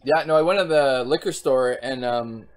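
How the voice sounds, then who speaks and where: A man guesting in a casual beer-drinking chat, playful and quick to laugh at his own jokes. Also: medium pitch. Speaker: podcast guest. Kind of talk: casual chat over beers.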